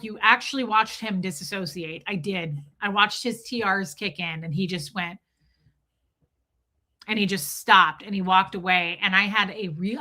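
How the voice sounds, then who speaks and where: Bright-voiced chatty woman livestreamer. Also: medium pitch. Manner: chatty and emotional, with restarts and stumbles. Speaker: livestream host reading viewer comments. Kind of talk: casual livestream chat.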